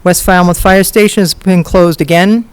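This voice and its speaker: A woman's voice: on the low side, fairly even intonation, moderate pace, a little mellow, clean tone, no room sound, low-quality recording. A woman at a town meeting podium mic, giving public comment and pressing pointed questions with a list of figures. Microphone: podium microphone.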